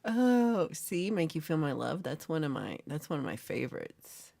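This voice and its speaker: A woman's voice: sits low, big pitch swings, moderate pace, vocal fry, dark tone. A woman hosting a casual livestream, playfully reading and answering chat comments and teasing her viewers. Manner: jokey and teasing. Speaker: livestream host.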